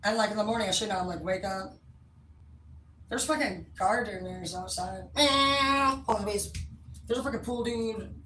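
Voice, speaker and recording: Pausing often at a moderate pace, this medium-pitched woman rambles through a long story, speaking bluntly and swearing freely in a casual chat. She's recorded from a distance in an echoey room, and there's a little background noise.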